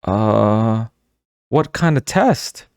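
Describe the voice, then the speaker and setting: A man's voice: on the low side, lively intonation, drawn-out words, creaky, darkish tone, clean tone, no room sound, clean studio sound, voice pushed up, heavily acted. A man voicing a nervous young boy asking anxious, startled questions in an audiobook. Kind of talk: audiobook character voice.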